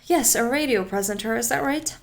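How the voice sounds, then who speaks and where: A woman's voice: fairly high pitch, a little fast, vocal fry. A woman voicing a cheerful middle-aged Greek man who runs a restaurant, speaking in a friendly, chatty way.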